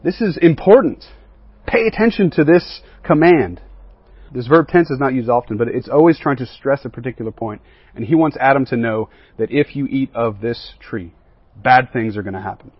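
A man's voice: medium pitch, moderate pace, husky, no room sound, muffled recording. A man leading a Bible lesson as a youth pastor, often asking the group questions and checking in with "right?" and "okay?".

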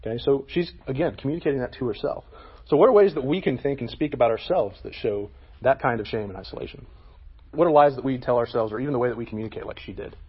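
A man's voice: medium pitch, fast talker, slightly rough, lo-fi sound. A man leading a casual Bible lesson for a youth group, talking to them with frequent "okay?" check-ins.

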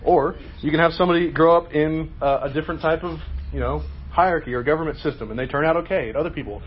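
A man's voice: a little high, fast, dull audio, slight background noise. A man leading a group Bible study, asking questions and explaining in a conversational, emphatic way.

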